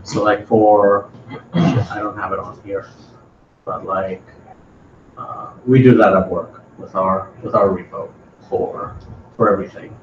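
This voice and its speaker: A man with a fairly low voice talks through a technical topic for a small meetup, hesitant and doubling back on his words. He sounds distant from the microphone in an echoey room, and the recording is dull with faint noise behind him. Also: unhurried, pauses often. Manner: hesitant, repeats words, unprepared. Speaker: meetup presenter. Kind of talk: casual technical talk.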